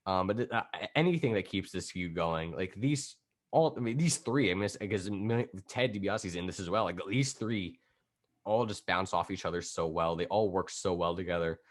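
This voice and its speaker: A young man co-hosting a casual wrestling podcast, rambling excitedly and laughing often. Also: deep voice, normal speed. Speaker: podcast co-host.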